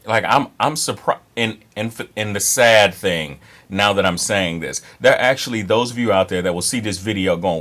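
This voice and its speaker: A man's voice: lowish voice, expressive, moderate pace, fairly bright tone. Blunt, profane man in his thirties. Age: 30s. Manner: blunt, profane, rambling with many fillers. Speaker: dating advice vlogger. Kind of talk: casual monologue to camera.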